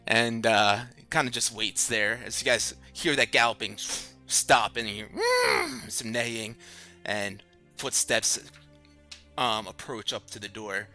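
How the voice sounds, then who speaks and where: A man running a tabletop game as dungeon master, narrating in an unhurried, lively way. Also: lowish voice, soft background music. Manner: unhurried and lively, with fillers and restarts while he narrates.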